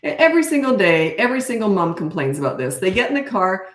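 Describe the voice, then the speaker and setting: A woman's voice: mid-range voice, very animated, quick pace. A middle-aged woman who is a parenting coach, giving blunt, confident advice on a casual live stream. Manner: blunt, confident, acts out quoted dialogue. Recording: echoey room.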